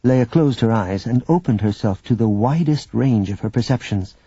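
Male audiobook narrator; even, measured reading, husky voice, lo-fi recording. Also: mid-range voice, no echo. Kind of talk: scripted narration.

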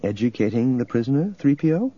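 A man's voice: mid-range voice, big pitch swings, quick pace, dark tone, slightly rough, dull audio. A man voicing a reserved imperial commander with a dry manner in an audiobook reading.

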